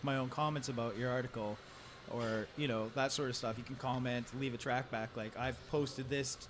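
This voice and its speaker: A man co-hosting a podcast, explaining things in a relaxed, easy way. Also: mid-range voice, normal speed, noisy background. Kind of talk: casual podcast discussion.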